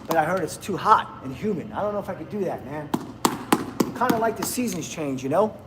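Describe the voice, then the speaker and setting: High-voiced blunt man in his fifties. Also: lively intonation, a little fast, heavy background noise. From New Jersey, USA. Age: 50s. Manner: rambling and blunt, laughs often. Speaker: livestream host. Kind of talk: casual livestream chat with viewers.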